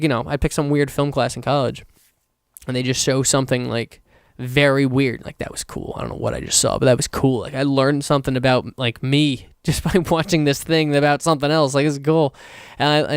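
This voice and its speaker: A man's voice: fairly high pitch, clear, resonant tone, no room sound, studio quality. A young man hosting a solo podcast, rambling casually with lots of fillers, restarts and swearing. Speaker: podcast host.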